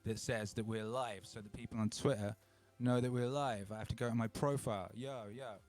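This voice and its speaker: A man in his forties from England, hosting a home livestream in an excitable, rambling way, talking into a microphone run through a DJ mixer. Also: mid-range voice, fairly quick. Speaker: livestream host and DJ. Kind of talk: casual livestream chat. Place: home studio. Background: faint music bed.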